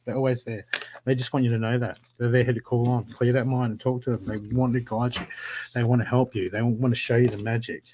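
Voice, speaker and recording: A man giving live psychic readings from home, talking in an animated, encouraging way with a lot of repetition. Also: mid-range voice, brisk, a little hiss or hum. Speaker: psychic reader. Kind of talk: live-streamed spiritual reading.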